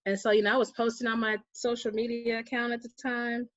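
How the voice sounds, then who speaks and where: During a relaxed interview, a woman guest who is a vegan activist tells a personal story with animation, slipping into the voices of the people she quotes. Her voice is a little high and fairly quick, and the recording is dry, a little muffled, with no room sound.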